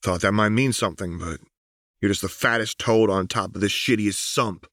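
A bitter, streetwise young man from the slums, blunt and heated, read by a man. The voice is low and deep. The storybook recording is dry and close. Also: moderate pace, a bit bright, dry recording, lightly acted.

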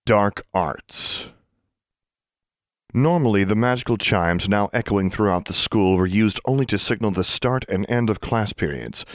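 A man narrating an audiobook chapter with expressive storytelling. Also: sits low, dry recording, studio quality. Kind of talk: scripted narration.

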